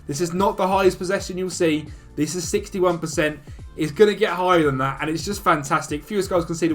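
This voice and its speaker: A man's voice: a little high, a bit bright. Upbeat chatty man, faint music behind. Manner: chatty, upbeat, talks fast through stats. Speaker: video host. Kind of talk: casual gameplay commentary.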